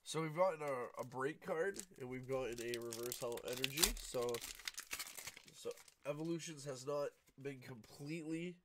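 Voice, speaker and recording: A groggy man commenting as he opens card packs, his talk low-key and close to a monotone. He has just woken up, and his voice sits at a middling pitch for a man. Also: normal speed, background noise. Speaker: card-opening channel host. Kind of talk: casual pack-opening commentary. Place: home room at night, cat nearby.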